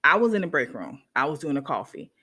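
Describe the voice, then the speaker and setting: Lively woman telling a work story. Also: deep voice, fast. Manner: animated, often checks in with "okay?" and addresses viewers as "y'all". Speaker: nurse. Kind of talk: casual storytelling to viewers.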